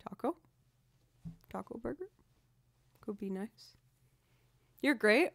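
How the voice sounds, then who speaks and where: A woman's voice: a little high, lively intonation, slow pace, gravelly, a bit bright, no echo, studio quality. A woman from the Boston area with a Boston accent, chatting casually and giggling on a livestream while sick with a lingering cold. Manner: chatty, giggly and self-mocking. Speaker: livestreaming violinist and singer. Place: home.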